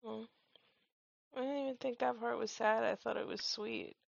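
A woman's voice: fairly high pitch, steady tone, moderate pace, vocal fry, no room sound, highs cut off. A woman co-hosting a podcast, chatting casually and thoughtfully while watching a movie. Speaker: podcast co-host.

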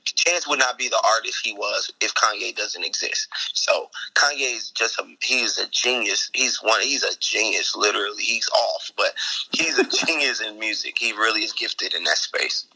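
Comedian guy in a casual interview, husky tense voice, laughs a lot while telling stories. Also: on the low side, normal speed, poor audio. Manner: animated storyteller who laughs often. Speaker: comedian and actor guest.

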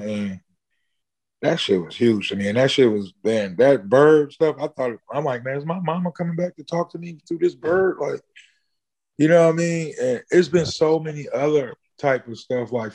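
A musician being interviewed casually tells a long story, swearing freely and jumping up in pitch when he acts out what people said. His voice has a darkish tone.

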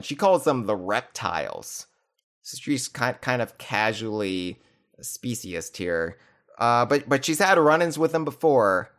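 A male podcast host talking casually and jokily. He rambles and restarts himself often. His voice sits mid-range, and his pitch swings widely. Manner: rambling, joking, with filler restarts. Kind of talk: casual chat.

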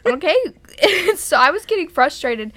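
Bright-voiced young woman telling stories. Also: high voice, very animated, unhurried, no echo. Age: young adult. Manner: profane, exasperated storytelling with frequent laughs. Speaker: podcast co-host. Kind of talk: casual storytelling chat.

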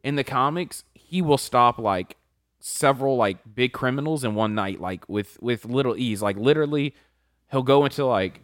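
A man's voice: medium pitch, brisk, no echo, clean studio sound. A young man co-hosting a casual podcast chat, rambling with lots of "like" and the odd swear word. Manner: rambling, lots of "like", swears, does mock voices. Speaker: podcast co-host.

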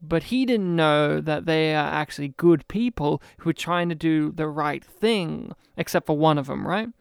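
A man with a high, smooth voice, talking about a movie in a loose, rambling way. The sound is dry and close. He drifts between points and acts out the characters as he goes. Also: dry recording. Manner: animated, rambling, quick to mimic characters. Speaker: film podcast co-host. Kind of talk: casual film review chat.

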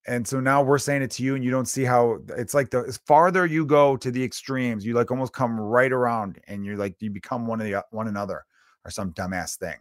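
A man's voice: medium pitch, fast talker, dry recording, studio quality. A comedian in his thirties from Chicago hosting his podcast, ranting in a profane, exasperated way and mocking people in sarcastic voices. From Chicago, United States.

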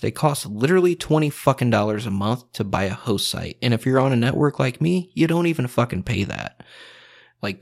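A man's voice: mid-range voice, gravelly. A man hosting a podcast, talking bluntly in a heated, profane, unscripted rant. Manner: heated, blunt and swearing constantly. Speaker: podcast host.

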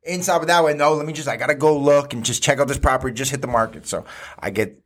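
Male host, casual chat, blunt and repetitive, mid-pitched. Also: quick pace, fairly bright tone. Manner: blunt, swears freely, repeats phrases.

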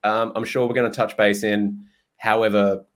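Chatty low-voiced male podcast host. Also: level tone, normal speed. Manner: chatty and jokey, swears freely, laughs often. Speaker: podcast host and nutrition coach. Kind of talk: casual chat.

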